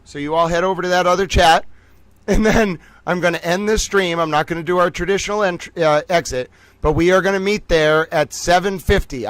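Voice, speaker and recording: A man with a slightly high speaking voice hosts a casual livestream, addressing his viewers as ladies and gentlemen. He swings into theatrical mock outrage and grand declarations as he talks to them. The sound is close and dry, with no room around it. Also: no room sound. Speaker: livestream host.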